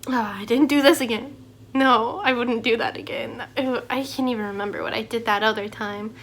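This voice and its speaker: A young woman recounts an awkward class moment in a loose, chatty way, peppering her talk with fillers and sighs. Her voice sits a little high. A faint ambient hum stays under the recording. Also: steady tone, normal speed, a bit bright. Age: young adult. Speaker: vlogger. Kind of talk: casual storytelling rant.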